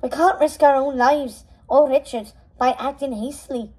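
A woman's voice: sits high, steady tone, moderate pace, warm tone, close to an everyday voice, poor audio. A woman doing a solemn chicken attendant. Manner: solemn, cautious. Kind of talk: storybook readaloud.

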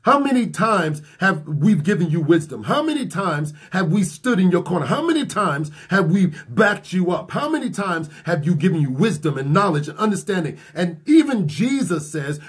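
A man delivers a sermon as a pastor, stacking repeated phrases and stretching words out for emphasis. His voice sits a little high and carries a husky edge. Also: very animated. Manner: preaching with rising, repeated lines, often slowing for emphasis.

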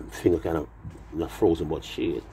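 A man's voice: a bass voice, unhurried, mellow, a little hiss or hum. A man rambling in a profane monologue that drifts into half-sung rhymes.

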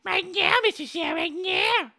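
A man voicing an excitable, gushing girl in a shrill, squealing voice. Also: measured pace, creaky, heavily acted. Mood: pleading.

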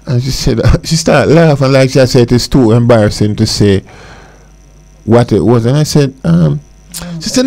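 A man with a Jamaican accent talks in a radio studio. His voice is low-toned, mellow and gravelly, and he laughs while telling a story. The talk is casual. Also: fairly quick. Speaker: studio guest. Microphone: studio mic.

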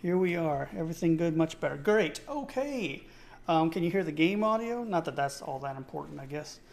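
A man with a slightly high voice hosts a casual live-streamed tutorial. He is chatty and upbeat, thinks out loud as he goes, and keeps asking his viewers if everything is working. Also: lively intonation, moderate pace, gravelly. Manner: chatty, keeps checking in with chat; enthusiastic, thinks aloud.

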